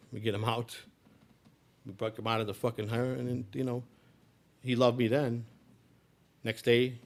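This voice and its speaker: Blunt, profane middle-aged man. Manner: blunt, profane, swings from low mutters to loud outbursts. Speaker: speaker telling his life story. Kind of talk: raw personal storytelling.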